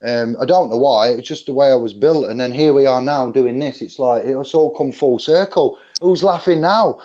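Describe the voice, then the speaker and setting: A jokey, animated man gives a casual seminar talk at a mid pitch. He acts out phone calls to make his points. The recording sounds slightly dull and lo-fi. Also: normal speed. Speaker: seminar speaker.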